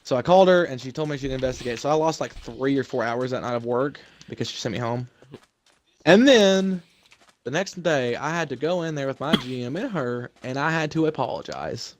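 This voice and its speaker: Young man, fast talk, profane and heated, casual storytelling. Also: mid-range voice. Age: young adult. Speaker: storyteller venting about work. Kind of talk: casual chat.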